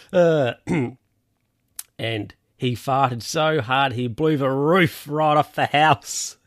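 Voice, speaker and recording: A man with a medium-pitched voice and drawn-out words reads a children's picture book aloud, pausing for wry, amused ad-libbed comments. The recording is dry and studio quality.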